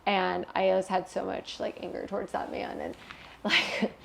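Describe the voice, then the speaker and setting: A woman's voice: mid-range voice, level tone, normal speed, creaky, a bit bright, a little hiss or hum. Candid young woman telling her story. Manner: candid, emotional, swears freely. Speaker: interview guest. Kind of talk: personal storytelling interview.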